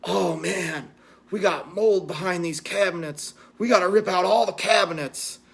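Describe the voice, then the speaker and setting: A man doing a smug TV home-makeover host, whining and complaining in an overdone, mocking tone with a slightly raised pitch. The voice sounds a little unlike the speaker's usual one. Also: moderate pace, creaky, a bit bright, husky, full character voice. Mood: mock alarm. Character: smug male TV renovation show host.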